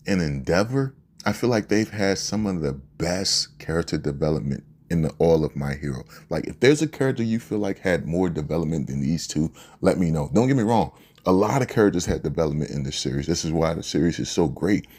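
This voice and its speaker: A man's voice: a bass voice, darkish tone, slightly rough. A young man casually talking through his reaction to an anime episode, laid-back and slangy, throwing in "yo" and "man". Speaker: anime reaction channel host.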